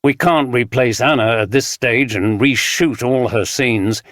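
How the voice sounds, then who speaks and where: A man's voice: mid-range voice, no room sound, clean studio sound, lightly acted. A male narrator voicing a serious, disheartened film director in an audiobook. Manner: serious, bitter.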